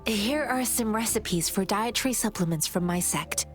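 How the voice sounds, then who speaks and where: A woman's voice: medium pitch, moderate pace, lightly acted. Gracious woman voicing a sect healer. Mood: courteous. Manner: gracious, courteous. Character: gracious female sect member offering remedies. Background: game music.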